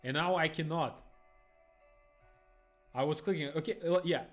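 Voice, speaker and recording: A young man, rambling excitedly through live trading stream commentary in phrasing. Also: a little high, normal speed, faint music behind. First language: Russian. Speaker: day trader streamer.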